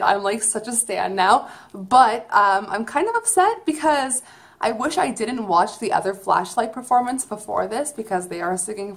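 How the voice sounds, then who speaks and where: A woman vlogging from a room at home, reacting to a performance with gushing exclamations and lots of "like" and "oh my god". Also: mid-range voice. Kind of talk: excited casual reaction vlog.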